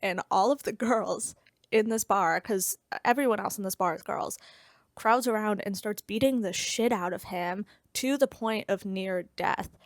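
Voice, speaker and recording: A woman's voice: medium pitch, measured pace, no echo, clean studio sound. Blunt, sarcastic young woman recapping a book. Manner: blunt, profane, sarcastic asides. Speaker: book reviewer. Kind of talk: casual plot recap.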